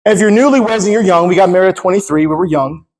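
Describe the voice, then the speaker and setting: A man in his thirties, a pastor preaching a sermon, who swings from quiet talk to shouting and acts out the dialogue in his stories. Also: high-pitched, rapid-fire, low-quality recording.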